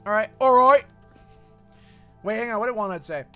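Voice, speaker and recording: A woman's voice: mid-range voice, rapid-fire, fairly bright tone, faint music behind. A woman streaming a game, chatting casually, teasing and giggling, with frequent swearing. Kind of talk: casual gaming stream chat.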